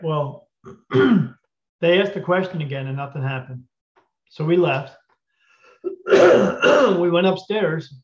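Male podcast guest, slightly high voice, retells a story with acted-out dialogue, frequent throat clearing, lo-fi recording. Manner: animated retelling with quoted dialogue. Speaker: guest spirit medium. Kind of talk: casual storytelling. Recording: dull lo-fi audio.

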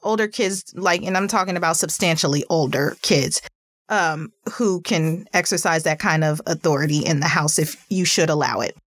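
A woman hosting a parenting talk, chatty and earnest, with a pitchy voice and plenty of "like" fillers. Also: moderate pace, fairly bright tone, no room sound, clean studio sound. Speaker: parenting podcast host. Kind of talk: casual advice talk.

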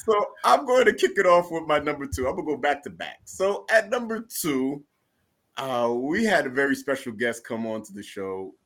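A man's voice: a little high, expressive, normal speed, fairly bright tone. Laid-back man co-hosting a podcast. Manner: laid-back, joking, repeats phrases. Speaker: podcast co-host. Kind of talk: casual chat.

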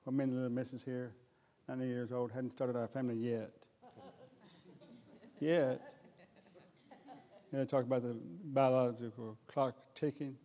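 A man's voice: mid-range voice, flat delivery, normal speed, pauses often, mellow, big-room sound. A man preaching a humorous sermon in a folksy, jokey way. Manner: folksy, jokey, addresses crowd as guys.

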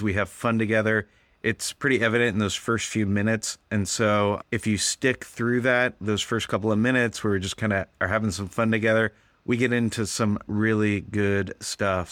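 A man's voice: lowish voice, fairly bright tone, no echo. Chatty joking male podcast host. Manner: chatty, joking, self-deprecating. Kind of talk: casual podcast conversation. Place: in-person home recording setup.

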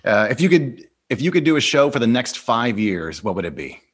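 A man's voice: medium pitch, sing-song, fairly quick, breathy edge. A man hosting a casual interview podcast, upbeat and laughing often. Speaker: podcast host.

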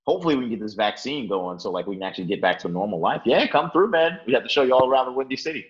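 A man's voice: medium pitch, animated, racing, dull audio. A man talking as a podcast guest in a laid-back casual chat, calling everyone man and dude.

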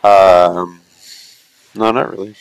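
Low gravelly man rambling casually. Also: fairly even intonation, takes it slowly, dry recording, lo-fi sound. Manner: rambling, loose, lots of fillers and asides. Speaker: podcast co-host. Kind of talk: casual chat.

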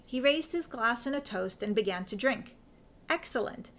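A woman reading a fan fiction story aloud as narrator, in a steady storytelling way. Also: a little high, moderate pace.

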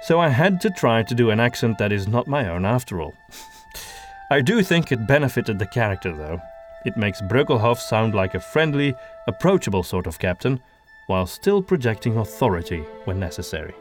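A man from Belgium explains how he made his audio drama, with dry touches of humor. His pitch moves in a lively way. Soft music plays quietly underneath. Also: normal speed. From Belgium (Antwerp). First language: Flemish. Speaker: audio drama creator and voice actor. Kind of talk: behind-the-scenes commentary.

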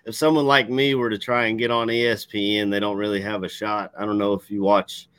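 A man's voice: fairly low pitch, level tone, a little fast, a bit bright, clear, resonant tone, dry recording. A man with a Southern US accent, chatting about football in a laid-back, easygoing way. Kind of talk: casual sports chat.

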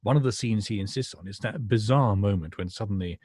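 A man, a critic chatting casually with measured, wry remarks and some hesitation. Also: fairly low pitch, darkish tone, husky, no echo, studio quality. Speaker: podcast co-host, critic.

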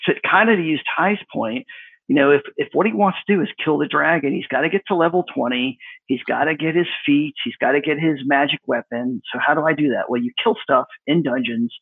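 A man talks through a casual round-table about tabletop games, wry and rambling. His voice is gravelly and husky. It comes over a tinny, phone-like line. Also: on the high side, a little fast, no room sound. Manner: wry, rambling, self-mocking. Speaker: podcast co-host.

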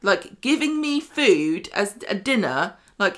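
A woman's voice: mid-range voice, big pitch swings, slow pace, a bit bright. A woman co-hosting a podcast, chatting casually with teasing, sarcastic quips and mock quotes. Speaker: podcast co-host. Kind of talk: casual chat recapping a soap.

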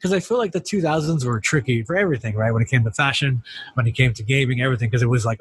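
Husky-voiced man in casual podcast banter. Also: medium pitch, very fast, no echo. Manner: jokey, laughs often, acts out bits. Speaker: podcast co-host. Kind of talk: casual chat.

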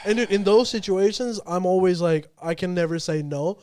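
A man's voice: high voice, moderate pace, darkish tone, clean tone, no room sound, studio quality. A young man telling a rowdy story in casual podcast chat, swearing and laughing as he goes.

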